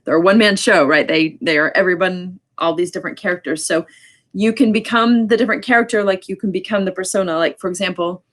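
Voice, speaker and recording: Low-voiced woman teaching a class. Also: fairly bright tone. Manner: explains with many ums and quick asides. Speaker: sign language teacher. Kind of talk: casual online class lecture.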